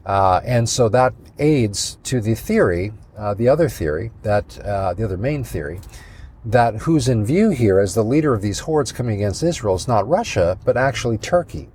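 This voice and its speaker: A man teaching a Bible prophecy study as a pastor, measured and thinking aloud with many fillers and restarts. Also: lowish voice, lively intonation, darkish tone, husky.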